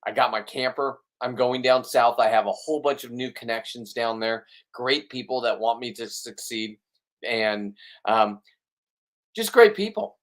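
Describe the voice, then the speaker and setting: A man's voice: medium pitch, expressive, measured pace, a bit bright. A man hosting his own vlog, talking casually to viewers in a rambling, joking, boastful way. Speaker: vlog host.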